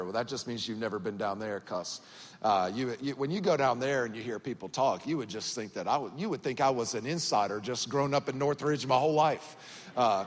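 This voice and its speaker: Southern man preaching in a big echoing church. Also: medium pitch. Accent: Southern US (Georgia). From Georgia, USA. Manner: folksy, joking, conversational. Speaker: guest pastor. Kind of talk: sermon. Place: large church auditorium. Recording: church hall reverb.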